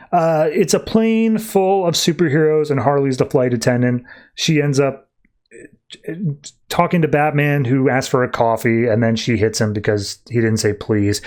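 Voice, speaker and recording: A man's voice: medium pitch, darkish tone. A man hosting a podcast, recapping a comic issue in a loose, conversational way with frequent fillers. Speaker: podcast host. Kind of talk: casual comic book recap.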